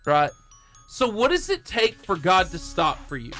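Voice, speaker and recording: A man co-hosting a radio talk show, earnestly explaining and reading a Bible passage in a lively storytelling way. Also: high-pitched, normal speed, soft background music. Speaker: co-host leading a Bible discussion. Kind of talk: casual radio talk, reading scripture aloud. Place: radio studio.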